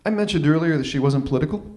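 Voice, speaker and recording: A man in his thirties telling a personal story at an open mic, animated and acting out what other people said. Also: a little high. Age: 30s. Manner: animated, acts out quoted voices. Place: live open mic venue.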